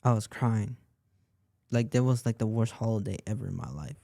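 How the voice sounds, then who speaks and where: A man's voice: fairly low pitch, lively intonation, moderate pace, gravelly, dark tone, no room sound, clean studio sound. A young man hosting a podcast, telling a personal story in a rambling way and leaning on "like" and repeated phrases. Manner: rambling, repeats himself, lots of "like". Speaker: podcast host.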